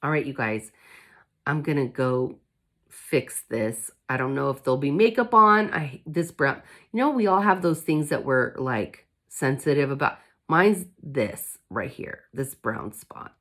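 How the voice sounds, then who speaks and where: Low-voiced woman vlogging candidly. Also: expressive, a little slow, fairly bright tone. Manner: candid, emotional, fighting spirit. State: recovering from covid. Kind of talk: casual chat to camera.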